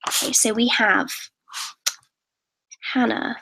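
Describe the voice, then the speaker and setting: A woman's voice: fairly high pitch, steady tone, takes it slowly, vocal fry, pushed and bright, poor audio. A teenage girl from England, chatting eagerly to viewers in a live question-and-answer stream, often restarting her sentences. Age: late teens. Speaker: YouTuber hosting a live Q&A. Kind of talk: casual live-stream chat.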